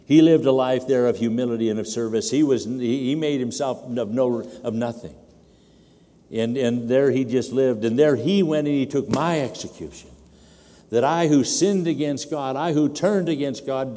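A man's voice: mid-range voice, moderate pace. Older man preaching in a big hall. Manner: animated, acting out a demanding baby in a raised voice. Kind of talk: sermon. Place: large conference hall.

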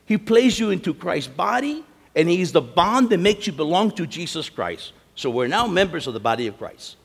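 A man's voice: high voice, moderate pace, gravelly, breathy edge. A middle-aged man preaching at a conference, telling stories animatedly and acting out the quotes. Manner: animated storytelling, acts out quotes. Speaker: conference speaker. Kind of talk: sermon. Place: large conference hall. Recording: long hall reverb.

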